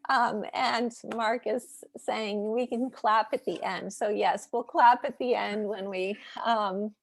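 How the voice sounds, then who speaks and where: A woman hosting an online video call meeting, reading chat messages aloud in a warm, moved way. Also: medium pitch, fairly even intonation, slow, gravelly, dry recording. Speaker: meeting host. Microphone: computer mic on a video call.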